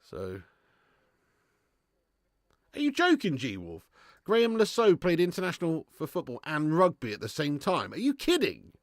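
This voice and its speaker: A man with a slightly high voice hosts a live football watch-along, speaking a little slowly and pausing often. He banters animatedly with chat, swears freely, and reads out and answers messages. The recording is dry and clean, studio quality.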